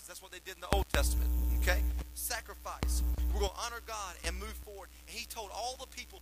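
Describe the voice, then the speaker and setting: A man, a lead pastor, preaching a sermon with emphatic bursts and quieter asides. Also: high voice, fast talker, few pauses, over music. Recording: poor audio with mains hum.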